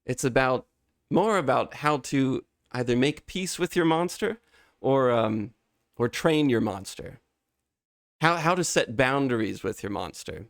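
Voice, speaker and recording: A man's voice: medium pitch, a little slow, no room sound. A man with a mid-range voice in a podcast. He tells an elaborate, vivid story and then shifts into easy talk. The sound is dry and close, with no room around it. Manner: vivid storyteller, acts out panicked and calm voices in his telling. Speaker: podcast co-host. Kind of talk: casual podcast chat with a dramatic monologue.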